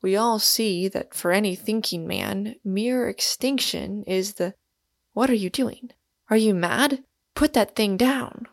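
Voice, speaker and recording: Brief: woman voicing a bald old male professor, gloomy and wordy, gravelly and unhurried. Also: mid-range voice, no room sound, studio quality. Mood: frantic. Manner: calm philosophizing, turning to frantic shouts.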